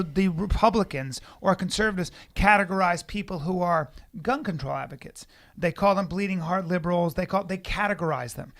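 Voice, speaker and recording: A man co-hosting a podcast, telling crude stories and preaching in casual banter. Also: high voice. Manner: animated, preachy storytelling with crude humor. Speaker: podcast co-host.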